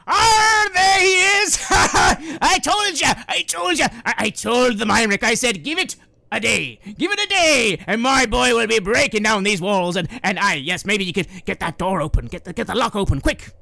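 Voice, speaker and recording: A man doing a high, stammering old boatman. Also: animated, moderate pace, gravelly, no echo, exaggerated voice. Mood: gleeful. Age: older. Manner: stammering, shouting with glee. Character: excitable old male boatman, fatherly.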